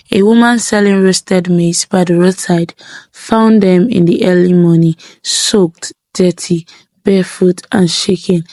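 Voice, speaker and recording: A woman narrating a folktale in a measured, dramatic way, drawing out key phrases. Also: on the low side, darkish tone, dry recording. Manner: measured, dramatic pacing with slowed phrases for effect. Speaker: storyteller.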